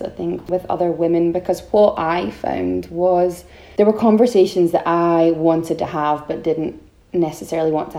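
A woman in her thirties with a Scottish accent, co-hosting a casual podcast chat in a warm, reflective way. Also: fairly low pitch, vocal fry. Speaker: podcast co-host.

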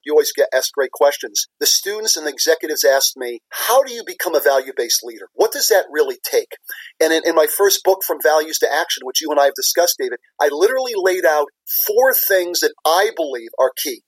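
Man, podcast guest, earnest and explanatory, husky, dry close sound. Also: a little high, no room sound, low-quality recording. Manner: earnest, explanatory, repeats key words for emphasis. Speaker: guest, business leader and former CFO. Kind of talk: podcast interview answers.

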